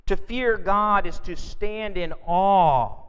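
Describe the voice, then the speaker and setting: A man's voice: high-pitched, slow, fairly bright tone, smooth. A man preaching an evening sermon in an earnest way, often repeating words as he thinks, recorded in a church sanctuary. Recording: reverberant hall, dull lo-fi sound.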